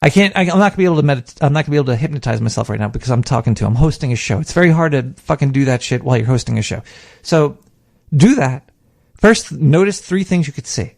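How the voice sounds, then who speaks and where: A man's voice: medium pitch, fast, vocal fry. A man hosting a podcast, rambling casually and profanely about meditation and self-hypnosis, with a studio microphone. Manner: rambling, profane, animated, mimics inner voice. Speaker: podcast host.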